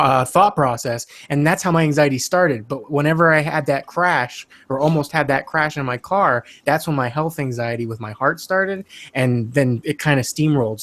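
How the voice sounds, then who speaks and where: A man speaking as a podcast guest, earnest and reflective in casual conversation. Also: mid-range voice.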